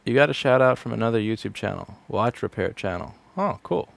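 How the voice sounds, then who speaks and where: A man's voice: lowish voice, expressive, fairly quick, creaky. A man in his thirties, a repair technician, chats casually and sardonically on a livestream, rambling and swearing freely. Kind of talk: casual livestream chat while working. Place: repair shop.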